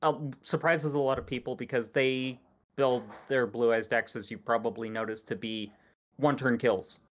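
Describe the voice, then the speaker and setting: A man hosting a casual podcast chat, explaining things in a measured way. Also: medium pitch, fairly even intonation, a bit bright. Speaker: podcast host.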